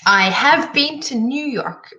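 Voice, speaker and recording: A woman teaching an online English lesson, explaining words clearly and encouragingly. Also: high-pitched, lively intonation, slow pace, bright, forceful tone, lo-fi sound.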